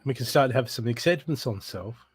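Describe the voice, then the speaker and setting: A man's voice: mid-range voice, lively intonation, a little fast, slightly rough. A man giving a live intuitive reading, blunt and urgent, swearing freely as he presses the listener to heal. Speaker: spiritual reader.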